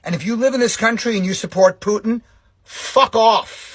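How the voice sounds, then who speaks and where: A man rants with exasperation and plenty of swearing, mocking as he goes. His voice is high for a man and recorded dry and close. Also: normal speed, no room sound. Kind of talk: angry rant to camera.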